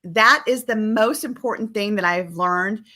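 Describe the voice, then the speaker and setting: A woman talking as a family coach in a live-stream conversation, emphatic and animated, often acting out quoted family dialogue over a video call. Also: medium pitch, unhurried.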